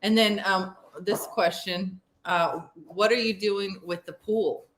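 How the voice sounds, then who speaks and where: A woman's voice: medium pitch, fairly even intonation, slow, slight background noise. A woman in her thirties co-hosting a casual live stream, playful and teasing, reading out viewer questions. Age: 30s. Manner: playful, teasing, laughs often. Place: indoors at home.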